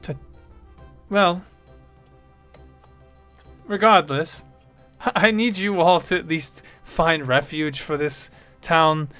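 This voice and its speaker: A gruff, hard-drinking woman official, crude and blunt, snapping at the people around her, as a man puts her on in a tabletop game. Her voice sits a little high and carries faint music behind it. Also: steady tone, takes it slowly, long pauses, pushed and bright. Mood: brusque.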